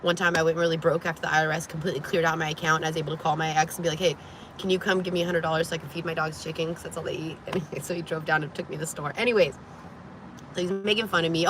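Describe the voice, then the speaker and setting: A woman vlogger telling a personal story to camera in a casual, animated way, frank and profane, with many "like"s, from inside a vehicle. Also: deep voice, rapid-fire, background noise.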